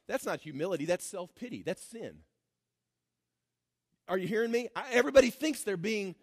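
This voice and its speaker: A man preaching a sermon as pastor, swinging from shouted declarations to low, mocking asides. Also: lively intonation, normal speed, breathy edge, no echo, studio quality. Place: church.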